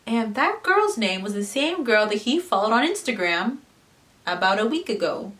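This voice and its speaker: A woman's voice: a little high, big pitch swings, moderate pace, a bit bright, distant mic. A young woman in her twenties, chatting casually to camera as a vlogger, swearing freely and slipping into the voices of the people in her story. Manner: chatty, swearing, mimics others in quotes.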